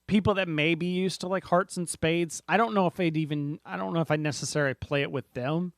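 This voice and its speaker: On a casual board game podcast, this co-host wanders through his thoughts and often starts sentences over. He has a slightly high, fairly bright voice, and the sound is dry and studio-clean.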